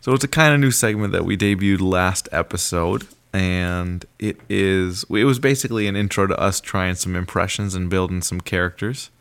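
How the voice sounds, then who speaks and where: A man's voice: low voice, normal speed, hardly any pauses, a bit bright, clean tone. A man co-hosting a casual comedy podcast, easygoing, steering the segment along. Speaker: podcast co-host.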